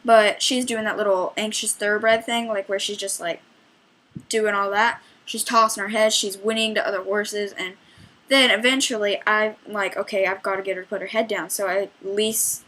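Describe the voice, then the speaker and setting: A woman's voice: medium pitch, a bit bright, rough recording. A young woman who works as a trail guide, chattily retelling a trail ride with lots of quoted back-and-forth. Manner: chatty, rambling retelling with many quoted exchanges. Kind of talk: storytelling vlog.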